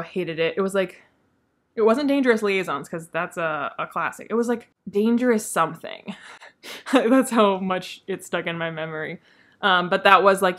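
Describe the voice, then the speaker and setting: A woman talks casually through the books she read this month. She is opinionated and candid and laughs often. Her tone is relaxed, like an unscripted video diary. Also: mid-range voice. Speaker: book reviewer. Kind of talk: casual monthly reading wrap-up.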